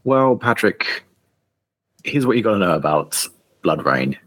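Really deep husky guy, dry close sound, joking around on a podcast. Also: big pitch swings, fairly quick, fairly bright tone, dry recording. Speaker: podcast co-host. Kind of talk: casual chat.

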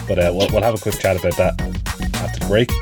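A man's voice: sits low, steady tone, fast, over loud music. A man hosting a podcast, chatting casually and leading the segments like a friendly presenter. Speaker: podcast host. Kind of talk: casual chat.

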